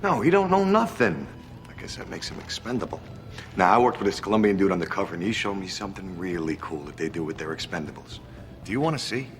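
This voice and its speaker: A man's voice: low voice, big pitch swings, quick pace, slight background noise. An actor playing a reckless male undercover cop who taunts and swaggers in street talk. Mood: menacing. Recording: TV drama audio with loud music.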